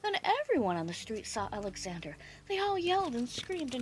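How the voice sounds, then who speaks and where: Expressive woman reading a storybook aloud. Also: fairly high pitch, a little fast. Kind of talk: storybook narration. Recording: music playing underneath.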